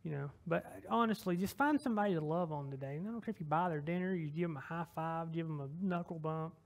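Talking fast in a fairly high voice, this young Southern US man serves as a lay preacher, giving a casual sermon and ending with a prayer. His style rambles in a folksy, self-deprecating way, with frequent restarts.

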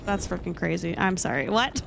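A young woman streaming a game, chatting casually with her viewers, excitable and dramatic, laughing often. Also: on the low side, normal speed, vocal fry, slight background noise. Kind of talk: casual gameplay commentary.

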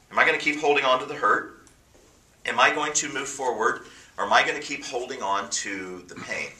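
A pastor preaching a sermon to a congregation, building to emphatic, rising bursts. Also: male voice, on the low side, sharp tone, reverberant, recorded from a distance.

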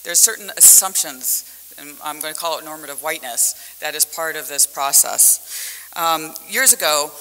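A woman scholar giving a conference talk as a panelist, telling stories in an animated way. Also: low voice, moderate pace. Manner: animated storytelling with vivid metaphors. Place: conference hall. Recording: echoey conference hall.

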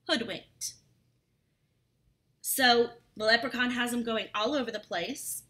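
A woman's voice: a little high, slow, pauses often, fairly bright tone. A woman teacher reading a story aloud and explaining words to young children, chatty and full of questions.

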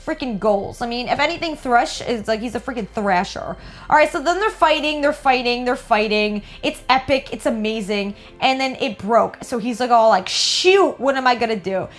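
A woman hosting a reaction video, casual and excitable, gushing and swearing lightly. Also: on the high side, normal speed, soft background music.

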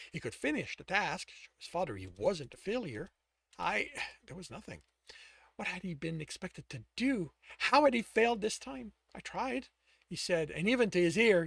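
A man reading his own novel aloud, dramatic and expressive, stopping to correct himself. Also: a little high, creaky, breathy edge, no echo. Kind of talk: audiobook narration.

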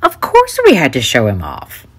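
A woman's voice: rumbling low, huge pitch swings, normal speed. A woman of fifty vlogging her birthday in a chatty, upbeat way. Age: 50s. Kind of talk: casual vlog narration and chat. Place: outdoor park event. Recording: busy crowd and street noise.

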